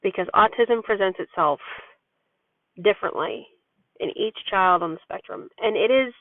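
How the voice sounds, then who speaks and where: At a moderate pace and medium pitch, a woman rambles frankly about her life as a parent in a personal vlog. The monologue is candid, with no echo and a tinny, dry, phone-like sound.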